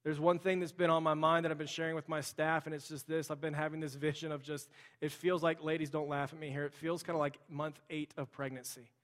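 A man's voice: on the high side, flat delivery, quick pace, fairly bright tone. A young adult man, a pastor, preaching a sermon in a conversational way with casual asides, in a large church sanctuary. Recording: long hall reverb.

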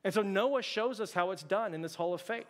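A man preaching a sermon as a pastor, telling a personal story with humor, and dropping to a hushed voice for his quoted thoughts. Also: high-pitched, fairly quick. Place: church sanctuary. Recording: church hall with long reverb.

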